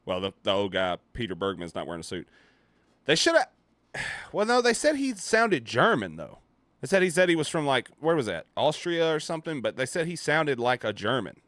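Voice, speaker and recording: A man giving casual reaction commentary, animated and rambling, swearing now and then. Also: mid-range voice, normal speed, no room sound. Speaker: commentary YouTuber reacting to a video.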